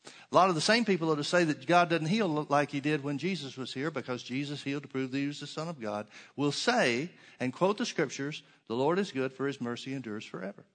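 Male preacher, slightly high voice, sermon delivery, emphatic scripture reading with quiet asides. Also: brisk. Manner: reads scripture aloud, rising to emphatic stresses, drops to soft asides.

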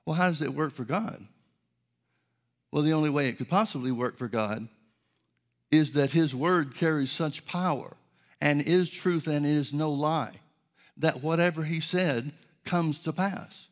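A man preaching a sermon in a measured, emphatic teaching manner, repeating key phrases for weight. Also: fairly high pitch.

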